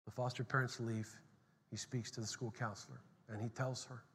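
Pastor telling a story in a big hall. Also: male voice, medium pitch, moderate pace, husky. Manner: animated storytelling, swings from hushed to loud. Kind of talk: sermon storytelling. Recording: long hall reverb.

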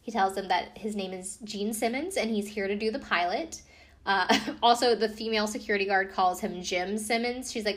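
A woman's voice: medium pitch, normal speed. Chatty woman rambling through a recap. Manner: chatty, rambling, many fillers and asides. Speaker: podcast host recapping a TV show. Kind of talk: casual chat.

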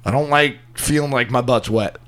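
A man co-hosting a podcast, bantering crudely with loud, profane outbursts. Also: mid-range voice, normal speed. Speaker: podcast co-host.

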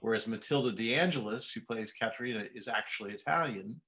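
Bright, low-pitched male series creator. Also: fast talker. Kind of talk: interview answers.

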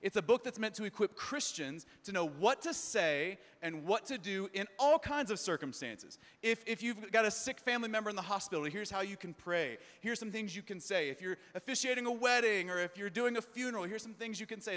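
A high-pitched man preaches to his congregation, loose and conversational, telling jokes on himself with plenty of "like" and "you know." His voice rings out with a long reverb, as in a large auditorium. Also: animated, moderate pace, hardly any pauses, fairly bright tone. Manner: conversational, self-deprecating storytelling with frequent fillers. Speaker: pastor. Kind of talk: sermon.

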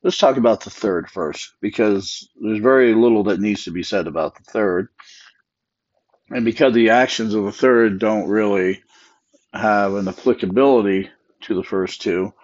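Sleepy husky man, lo-fi podcast. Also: on the low side, moderate pace, a little mellow. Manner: tired, yawning, rambling with many fillers. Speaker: podcast host. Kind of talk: casual solo podcast monologue.

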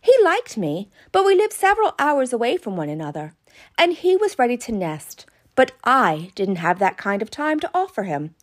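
A woman's voice: on the high side, wildly swooping pitch, normal speed. A woman vlogger telling a story to her viewers in a playful, chatty way. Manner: playful, chatty, addresses viewers as "love bugs". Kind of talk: casual storytelling monologue to camera.

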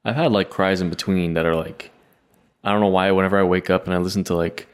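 Man, podcast co-host, very low voice, reflective and halting. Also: steady tone, clean tone. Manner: hesitant and reflective, many fillers and soft laughs. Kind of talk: casual podcast chat.

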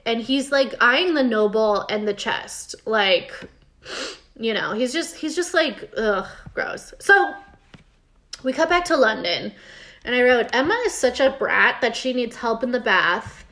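A woman's voice: fairly high pitch, fairly bright tone. A woman casually recapping a TV episode for her co-host, chatty and sarcastic, reading bits from her notes. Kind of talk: casual chat.

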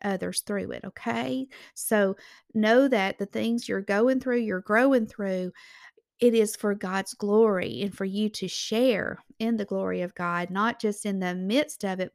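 A woman's voice: medium pitch, creaky, dry recording, studio quality. A woman hosting a Christian devotional show, giving an earnest, encouraging sermon and reading scripture verses aloud. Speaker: Christian ministry host.

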